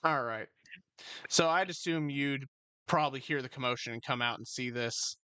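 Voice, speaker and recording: A man narrating a tabletop game as game master, halting and full of fillers, over a voice call. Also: mid-range voice, bright, forceful tone, smooth, no echo. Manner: halting, filler-heavy narration with frequent laughs.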